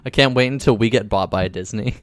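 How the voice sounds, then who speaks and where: A man's voice: medium pitch, a little fast, dry recording, clean studio sound. A man co-hosting a casual movie reaction commentary, rambling and joking through tangents. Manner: rambling, joking, trails into asides.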